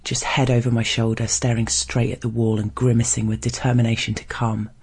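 A man reading a first-person erotic story aloud in a low, measured, intimate way. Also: level tone, a little mellow, slight background noise.

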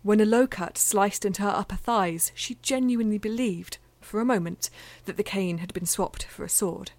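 A woman reading a novel aloud in a measured, intimate way, sometimes dropping to a near-whisper. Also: medium pitch, darkish tone, no room sound. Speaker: audiobook narrator. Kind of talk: scripted fiction narration.

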